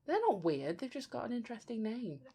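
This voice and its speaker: A woman's voice: a little high, very animated, brisk, warm tone, breathy edge. A woman, chatting playfully and teasing during a film commentary. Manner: playful, teasing, self-deprecating. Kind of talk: casual chat.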